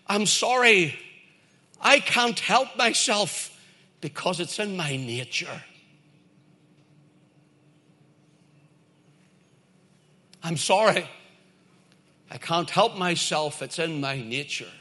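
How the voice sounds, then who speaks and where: A man's voice: high voice, animated, takes it slowly, sharp tone, exaggerated voice. A man voicing a male scorpion in a spoken fable, overly polite and repeating his promises. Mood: resigned. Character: sly pleading male scorpion, fable creature.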